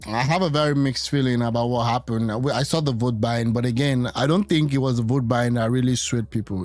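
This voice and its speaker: A man's voice: mid-range voice, no room sound. A man giving casual, musing political commentary, often repeating himself as he thinks aloud. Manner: musing, hesitant, repeats words.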